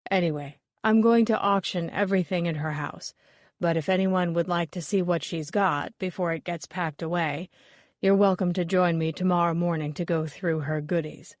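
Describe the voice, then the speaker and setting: A woman's voice: lowish voice, steady tone, normal speed, no echo, studio quality, lightly acted. A woman voicing a fussy man with a stuffed-up, nasal voice.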